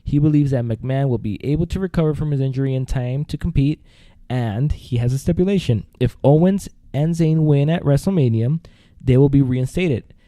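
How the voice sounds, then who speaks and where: A man chats casually on a podcast, excitable and quick to laugh. His voice sits mellow and warm. The sound is dry and close, with no room around it. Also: medium pitch, no echo. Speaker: podcast co-host. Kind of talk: casual chat.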